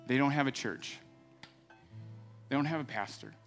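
Middle-aged male pastor, earnest conversational sermon, even mid pitch, quiet guitar underneath. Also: moderate pace. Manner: earnest, conversational preaching that builds into fervent prayer. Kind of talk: sermon with closing prayer.

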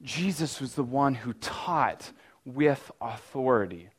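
A man preaching a sermon in a casual, conversational way, often saying "like" and restarting sentences, now and then breaking into loud mock-panic cries. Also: medium pitch, lively intonation, slow pace, husky. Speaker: pastor.

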